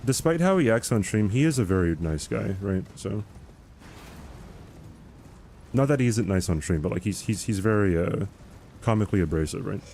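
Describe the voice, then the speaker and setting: A man's voice: on the low side, expressive, normal speed, creaky, long pauses, darkish tone, a little hiss or hum. Laid-back male streamer chatting while playing. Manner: chatty, rambling, answers chat questions. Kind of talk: casual live-stream chat while playing.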